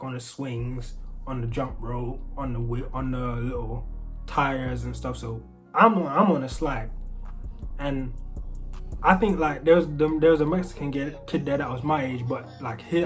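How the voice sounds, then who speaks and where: A man with a British accent that keeps some American traces, casually telling a story. He rambles and restarts often, with many fillers. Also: mid-range voice. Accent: British English with American traces. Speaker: storyteller vlogger.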